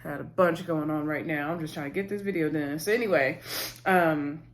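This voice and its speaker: In a deep, brisk voice, a woman casually recaps a reality TV episode, addressing viewers as "y'all." She retells the scenes by quoting lines from cast members.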